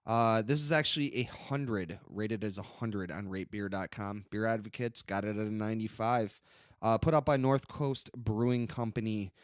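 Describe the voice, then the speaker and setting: A man's voice: lowish voice, moderate pace, no room sound, studio quality. A young man co-hosting a casual beer-tasting podcast, rambling with fillers and restarts as he reads out beer descriptions. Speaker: podcast co-host reviewing beers.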